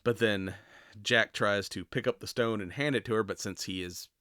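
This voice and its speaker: A man's voice: fairly low pitch, moderate pace, sharp tone, smooth, no room sound, studio quality. A man hosting a podcast alone, recapping a movie in a casual, rambling way, full of fillers and offhand swearing. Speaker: podcast host.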